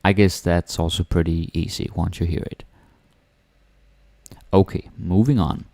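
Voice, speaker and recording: A man with a Danish accent teaching pronunciation, speaking slowly and repeating each word for the learner. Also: low-pitched, fairly even intonation, creaky, a little mellow, no echo. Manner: slow, repeating words for the learner. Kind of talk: pronunciation lesson.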